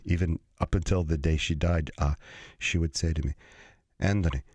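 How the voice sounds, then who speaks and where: Low-voiced man co-hosting a radio show. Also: flat delivery, moderate pace, a little mellow, slightly rough. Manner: chatty, joking, stumbling restarts. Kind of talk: casual on-air banter. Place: radio studio.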